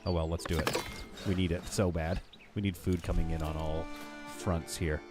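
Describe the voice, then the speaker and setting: A man streaming a city-building game, thinking out loud in a rambling, self-deprecating, casual way. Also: deep voice, level tone, moderate pace, music in the background. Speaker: gaming streamer. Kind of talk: casual live game commentary.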